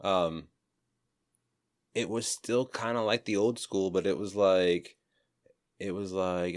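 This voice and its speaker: A man co-hosting a podcast in casual chat, relaxed and telling anecdotes. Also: lowish voice, moderate pace, clear, resonant tone. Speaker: podcast co-host. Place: home studio. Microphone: studio mic.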